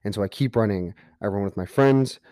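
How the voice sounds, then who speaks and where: A man's voice: fairly low pitch, a little fast, mellow, no echo, studio quality. A man hosting a podcast, telling a personal story in an earnest way that builds to emphatic motivational points. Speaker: podcast host.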